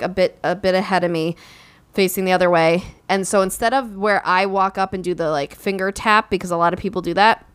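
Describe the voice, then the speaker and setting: A woman's voice: fairly low pitch, clean tone. A young woman chatting casually, telling a story with lots of filler words and speaking straight to her listeners. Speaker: podcast co-host and recent bride. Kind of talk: casual chat.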